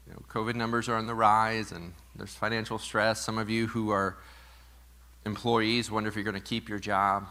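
A man in his thirties preaching a sermon to a live congregation, conversational and storytelling, with playful asides and softer reflective moments. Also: fairly low pitch, flat delivery, normal speed. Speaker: pastor. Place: church sanctuary with live congregation.

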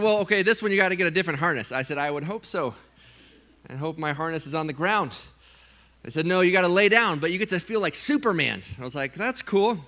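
A man preaching a sermon, telling a funny story with lively, animated delivery and acted-out voices. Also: fairly high pitch. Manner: animated storytelling, acts out his own scared voice. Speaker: pastor.

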